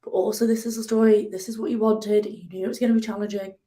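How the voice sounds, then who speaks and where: A young woman in her twenties, a guest talking through a personal story in a relaxed interview. Her telling is chatty and vivid, and she slips into higher, animated bursts when she acts out her own outbursts. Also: fast. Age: 20s. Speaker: guest, ocean rower.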